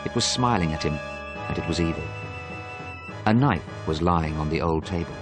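A man narrating a graded story in a steady, clear storytelling manner. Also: low-pitched, moderate pace, music in the background.

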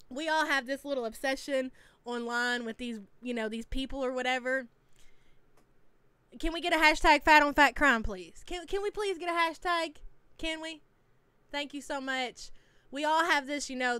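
Woman streamer, high-ish smooth voice, dry close mic, teasing chatty reactor. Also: sharp tone, no echo. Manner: chatty, teasing, reads chat names aloud. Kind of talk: casual live-stream reaction.

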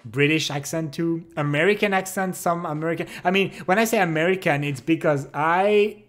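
A young man chatting casually with his stream chat, relaxed and giggly. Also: a little high, moderate pace, soft background music. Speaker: livestreamer. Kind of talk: casual chat reading and answering viewer chat.

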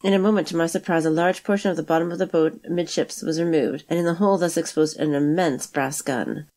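A woman reads a classic adventure novel aloud as the narrator. Her voice is low and she moves through the text at a quick, steady pace. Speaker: audiobook narrator.

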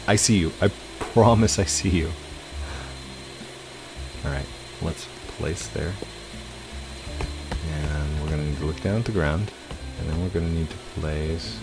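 A man with a very low, gravelly voice talks through a video game in a relaxed, unhurried way. He narrates each move out loud and chats directly to his viewers from his home computer setup. Faint music plays underneath. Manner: chatty, narrating his own moves, talking to viewers. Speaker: gaming channel host. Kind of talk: casual let's-play commentary.

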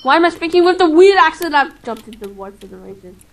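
A woman's voice: very high-pitched, very animated, fast talker. A woman playing along in a game session, giggly, teasing and playful in casual chat. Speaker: co-player.

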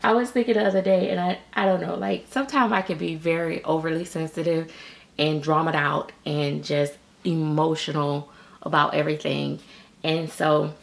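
A woman's voice: sits low, little pitch movement, normal speed, creaky. A middle-aged woman, a doll artist chatting casually to her viewers, rambling and restarting often. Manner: rambling, many fillers and restarts. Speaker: reborn doll artist and vlogger.

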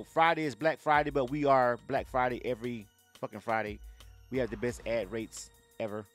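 A man hosting a live radio music segment, talking loosely and profanely to viewers, ranting between asides. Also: medium pitch. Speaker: radio show host. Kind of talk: casual livestream radio talk.

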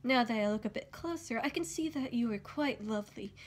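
A woman voicing a cruel, sarcastic king who taunts and sneers in a slow, scornful way. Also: fairly high pitch, expressive, husky. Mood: sneering.

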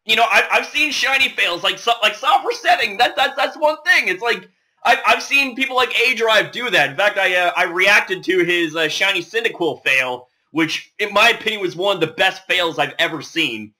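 A man hosting a reaction video, talking in an excitable, rambling way and swearing freely. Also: high-pitched, moderate pace. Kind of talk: casual reaction commentary.

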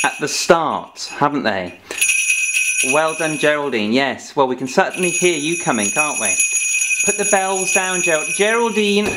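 A man hosting a children's phonics lesson, playfully scolding and coaxing a giraffe puppet. His pitch rises and falls widely in a sing-song way. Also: very noisy. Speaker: phonics teacher presenter. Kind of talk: children's educational presenting.

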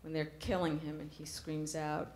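A woman's voice: low voice, little pitch movement, moderate pace, darkish tone, echoey room. A middle-aged woman preaching a sermon in a church, earnest, asking the congregation questions.

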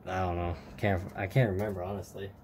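A deep-voiced, fast-talking hobbyist shows off a model truck build at his workbench in a casual tutorial. Sounding tired, he rambles and trails off while talking to himself as he works, with clear, steady background noise.

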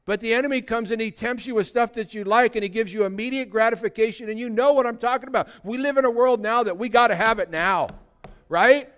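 Pastor guy preaching, high clear voice, chatty, asks the crowd lots of questions. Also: quick pace, a bit bright. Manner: conversational, full of rhetorical questions. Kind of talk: sermon.

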